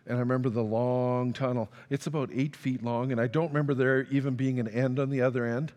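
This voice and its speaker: A male pastor tells a story from the pulpit in an easy, self-deprecating manner. His voice sits at an average pitch. The sound rings with the long reverb of a large church hall. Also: fairly even intonation, brisk, darkish tone. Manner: conversational, self-deprecating, acts out quoted dialogue. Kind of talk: storytelling sermon. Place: church sanctuary.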